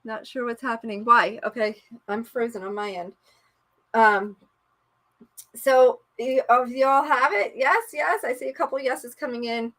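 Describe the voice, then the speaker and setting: A woman's voice: fairly high pitch, unhurried, a bit bright. A woman life coach leading a live-streamed coaching session, playful and encouraging in a chatty way.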